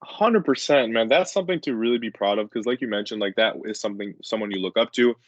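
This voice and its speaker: A man hosting a podcast, chiming in with encouraging, quick replies. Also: fairly low pitch, no echo, highs cut off. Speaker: podcast host. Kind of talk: casual interview chat.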